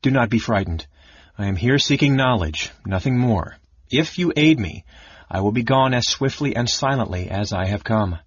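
A man voicing a cold, menacing young male dark elf mage with a smooth, cool voice and a calm, quietly threatening manner. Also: mid-range voice, normal speed, no room sound, dull audio.

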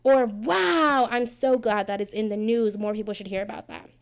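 Here a podcast host in her twenties chats casually about prayer, wandering off track, mocking herself, and leaning on fillers. She speaks briskly and steadily, her medium-pitched voice smooth with a darkish tone.

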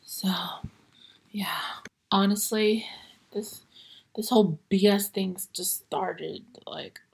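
A sick young woman hosting her podcast, hoarse and tired, often slipping into a whisper as she talks with halting, frustrated swearing. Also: medium pitch, steady tone, a little mellow. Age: young adult. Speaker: podcast host. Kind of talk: casual solo podcast chat.

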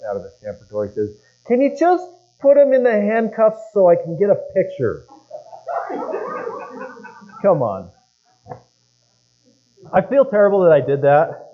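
A man's voice: mid-range voice, clean tone. Folksy male pastor preaching. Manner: folksy storytelling, talks to the congregation. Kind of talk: sermon. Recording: dull lo-fi recording with mains hum.

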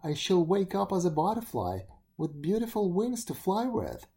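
Gentle dreamy caterpillar, wistful, warm tone voiced by the reader. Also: medium pitch, wildly swooping pitch, moderate pace, pitched above the performer's own voice. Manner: wistful, contented.

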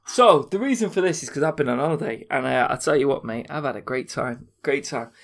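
A man's voice: mid-range voice, animated, brisk, vocal fry. Jokey man chatting on a podcast. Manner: laughs often, jokey banter. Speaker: podcast co-host. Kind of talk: casual chat.

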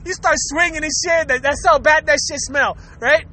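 A man with an extremely high, sharp voice speaks at normal speed while hosting his own podcast. He rambles through a profane comedic rant, laughing between lines and often repeating and restarting words.

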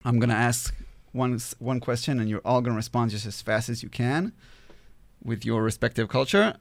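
A man hosting a casual panel chat, asking questions in a relaxed way with restarts. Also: medium pitch, moderate pace, creaky, no echo. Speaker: host.

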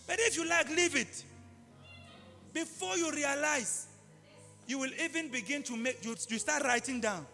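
A man preaching a live sermon in an impassioned way, repeating key phrases and bursting into shouts. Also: extremely high pitch, a little slow, gravelly, pauses often. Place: large church hall. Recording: live hall reverb with faint music.

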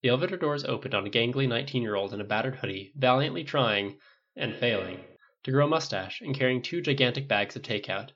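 Male audiobook narrator, gravelly, animated delivery, dull home recording. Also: mid-range voice, fast talker. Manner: lively reading, voices raised for dialogue. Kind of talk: fan fiction audiobook reading with voiced characters.

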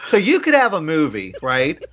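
A man hosting a casual radio talk show who tells stories in an animated way and slips into quoted voices. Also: on the high side, moderate pace, lo-fi sound.

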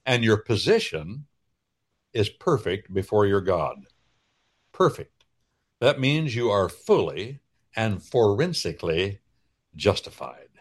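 A man hosting a radio talk show, explaining in a folksy, preacherly way with drawn-out pauses. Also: fairly low pitch, big pitch swings, breathy edge. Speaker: radio host.

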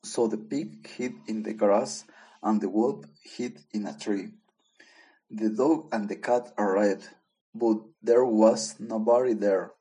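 A man's voice: on the low side, mellow, low-quality recording. A man reading a simple-English story aloud, plain and careful, with small slips.

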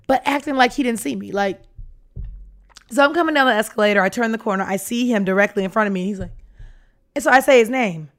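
A woman telling a dating story in a casual, animated way, swearing freely and acting out both sides of the talk. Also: mid-range voice. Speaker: podcast storyteller.

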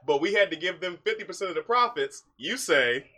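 A man hosting a podcast in casual chat, animated and teasing, laughing often. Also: high-pitched, brisk. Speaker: podcast host.

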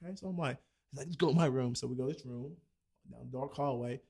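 This is a husky, medium-pitched young man talking at a quick pace. Chatting casually with friends, he tells a story with plenty of energy, performing other people's lines and cursing freely.

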